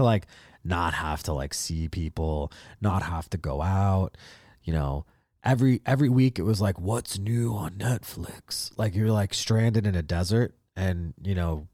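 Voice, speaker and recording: A man's voice: on the low side, no room sound, clean studio sound. A man in his late twenties hosting a podcast, telling stories in a casual, profane monologue and acting out the people he quotes. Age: late 20s. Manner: profane, animated, acts out quotes. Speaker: podcast host.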